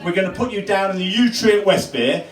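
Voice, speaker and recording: A man voicing a calm, matter-of-fact gatekeeper at heaven's gate in a told joke. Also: high voice, fast talker. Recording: echoey room from far off.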